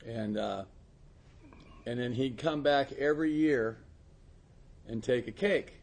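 A man's voice: medium pitch, slow pace, vocal fry. A man acting as a recovery sponsor, telling a casual anecdote, laughing often and stumbling over repeated words.

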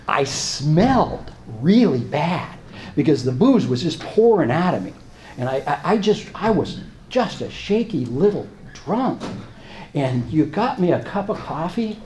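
A man telling his recovery story at a meeting, halting and repeating himself, with emotional swings. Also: fairly high pitch, a little mellow, slight background noise. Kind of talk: personal testimony talk. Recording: echoey room, faint ambience.

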